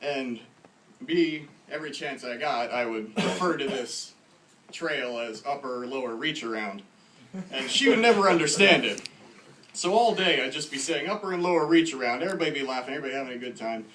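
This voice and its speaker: A man's voice: mid-range voice, expressive, brisk, noisy background. A man in his twenties telling casual, self-deprecating stories at a stand-up open mic in a small bar. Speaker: first-time stand-up comedian. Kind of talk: stand-up comedy.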